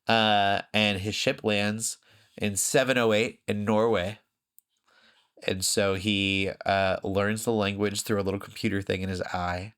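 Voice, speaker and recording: A man with a fairly low voice talks in loose, casual podcast chat. He rambles, fills gaps with plenty of ums and likes, and laughs often as he goes. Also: a bit bright, smooth. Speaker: podcast co-host.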